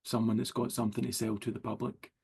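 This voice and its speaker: A Scottish writer in a relaxed video-call interview, easygoing and often chuckling as he talks. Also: lowish voice, quick pace, vocal fry, a little hiss or hum. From Scotland. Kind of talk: casual interview chat.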